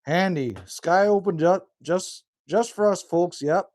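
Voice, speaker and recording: A man's voice: high voice, a little slow, darkish tone, no echo, clean studio sound. A man chatting casually on a live stream outdoors, reading out viewer comments and answering them in a laid-back, rambling way. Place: outdoors by a cabin in the cold.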